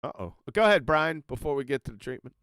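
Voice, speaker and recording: A man's voice: mid-range voice, animated, fast talker, fairly bright tone, smooth, dry recording, studio quality. A man hosting a casual live online panel, teasing the others and laughing often. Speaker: host.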